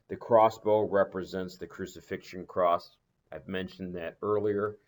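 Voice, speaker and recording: A male teacher giving a recorded lesson, talking in a conversational way, pausing on fillers and correcting himself as he goes. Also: low-pitched.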